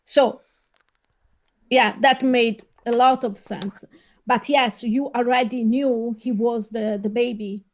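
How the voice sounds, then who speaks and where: A woman with a high voice talks slowly about a film. She hesitates often and fills gaps with fillers, keeping a wry tone. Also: fairly even intonation. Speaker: film reviewer, podcast co-host. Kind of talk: casual chat.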